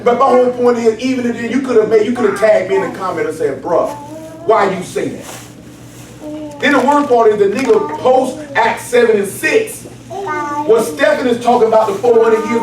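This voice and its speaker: Man, Bible study teacher, high voice, chatty and streetwise, recorded far off in an echoey room with a crowd. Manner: animated, streetwise, keeps asking "you know what I'm saying". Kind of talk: casual preaching to a small group.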